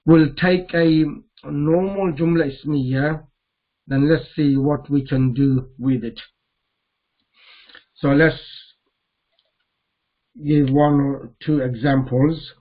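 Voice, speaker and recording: A man's voice: fairly high pitch, steady tone, slow pace, long pauses. A man teaching a grammar lesson, explaining patiently and repeating key points. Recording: tinny phone-like audio.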